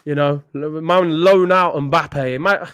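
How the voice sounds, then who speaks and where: A man's voice: a little high, fairly even intonation, slow pace, fairly bright tone, clear, resonant tone, no echo. A young man ranting in exasperation as a football channel host, repeating himself in disbelief. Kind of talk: ranting vlog commentary.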